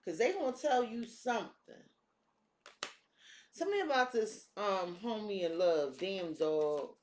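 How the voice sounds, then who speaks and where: In an echoey room, a tarot reader delivers a laid-back reading with blunt, profane street talk. She speaks slowly and animatedly in a mid-range voice, with slight background noise.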